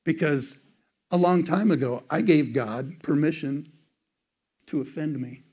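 A man telling a story in a sermon to a church group, animated and conversational, leaping into high voices when he quotes people. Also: a little slow, husky. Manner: conversational, many "it's like" asides. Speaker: teacher speaking to a church group.

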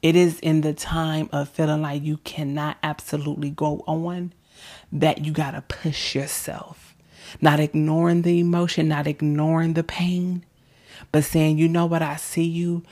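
Fervent low-voiced woman preaching. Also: little pitch movement, moderate pace, a little mellow. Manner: fervent, exhorting, drops to intimate whispers; calls listeners "baby", leads them in prayer. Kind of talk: motivational sermon and prayer.

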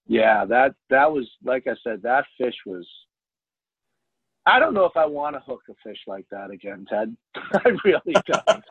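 A man, a fishing charter captain, telling a story in a casual interview, animated and loud at the high points. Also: measured pace, breathy edge, no room sound. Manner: animated, jumps to loud exclaims when retelling. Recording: dry tinny phone line.

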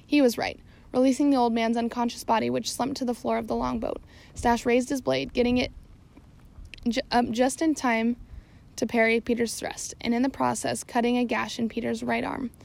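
Woman with a gravelly voice reading aloud. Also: a little high, normal speed. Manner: steady reading with occasional slips and self-corrections. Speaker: audiobook narrator. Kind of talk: scripted narration.

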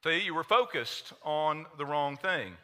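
Bright, animated Oklahoma pastor preaching. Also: male voice, on the high side, a little slow. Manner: energetic, playful, quizzing the congregation. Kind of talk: sermon. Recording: long hall reverb.

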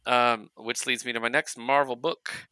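Lively, bright-voiced male podcast host. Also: mid-range voice, normal speed, smooth, no room sound. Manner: animated storyteller, laughs often. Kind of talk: casual chat recapping comics.

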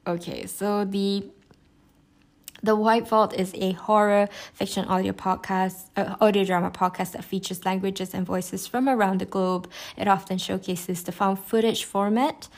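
A woman's voice: medium pitch, darkish tone. A woman in casual chat, gushing enthusiastically about a podcast she loves, rambling with lots of fillers, restarts and laughs. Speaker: podcast reviewer.

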